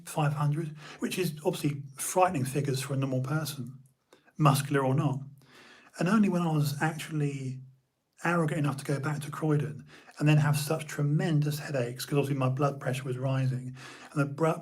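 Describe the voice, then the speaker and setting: A man recounts a story from his own life in a loose, earnest way, doubling back on his words as he goes. His voice sits a little higher than most men's and carries a husky, slightly rough edge. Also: darkish tone. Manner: earnest, repeats himself, says "brother". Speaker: podcast guest. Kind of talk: casual storytelling.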